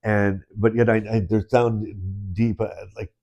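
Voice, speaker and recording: A man with a low, mellow voice co-hosts a podcast in relaxed, casual conversation. He rambles, restarts his sentences and chuckles along as he tells his stories. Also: measured pace, muffled recording. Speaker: podcast co-host. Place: indoors, in-person studio.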